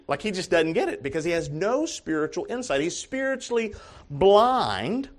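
A male pastor preaching a sermon, emphatic and dramatic, dropping to quiet asides and then rising to shouted calls. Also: high-pitched, very animated, normal speed.

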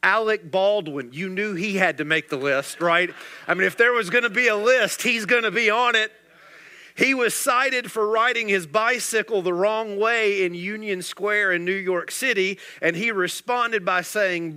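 Male pastor, sermon delivery, bright tone, call-and-response questions. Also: sits high, measured pace. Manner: rhetorical call-and-response preaching.

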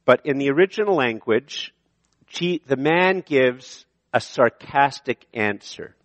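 A male pastor giving a sermon in an animated, conversational way, often correcting himself mid-sentence. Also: mid-range voice, unhurried, no echo, lo-fi sound.

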